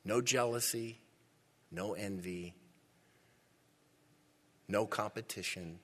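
A man's voice: fairly low pitch, slow, a bit bright. Man, pastor, sermon, emphatic repetition, long church reverb. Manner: emphatic, repeats words for stress.

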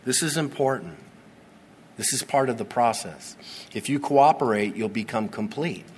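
A man's voice: medium pitch, animated, a little hiss or hum. Man preaching in a reverberant church. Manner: earnest preaching with dramatic slow pauses and repetition. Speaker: pastor. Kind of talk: sermon. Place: church sanctuary. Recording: long reverb of a large church hall.

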